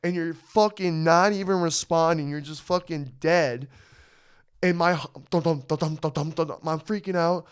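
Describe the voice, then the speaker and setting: A man co-hosting a podcast, telling a story in casual chat, animated and swearing, often asking "you know what I mean". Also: on the high side, normal speed, clear, resonant tone. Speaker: podcast co-host.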